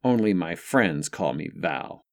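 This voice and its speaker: A man's voice: low voice, expressive, unhurried, dry recording, studio quality, voice pushed down. A man voicing a curt, sardonic young woman. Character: curt, dry-witted young woman student.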